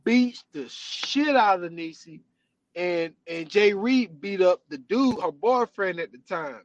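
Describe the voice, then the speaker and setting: High-voiced man animatedly retelling a story. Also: slow, no echo, lo-fi sound. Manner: animated storytelling, often says "you know what I'm saying". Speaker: podcast host. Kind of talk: casual chat.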